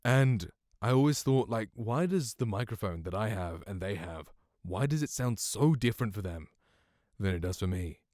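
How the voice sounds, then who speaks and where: A man's voice: fairly low pitch, expressive, normal speed, darkish tone, dry recording. A young British man reviewing a microphone in casual, rambling, self-deprecating talk, close on a studio mic at home. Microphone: studio condenser mic, close.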